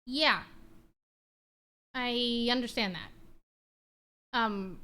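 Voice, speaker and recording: High, bright young woman ranting. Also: expressive, normal speed. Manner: ranting storytelling, swears freely. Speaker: streamer. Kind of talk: casual chat.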